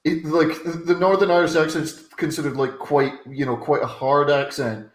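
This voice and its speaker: Rambling comedian in an echoey room. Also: male voice, fairly high pitch, steady tone, moderate pace. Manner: rambling, self-interrupting. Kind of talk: casual chat.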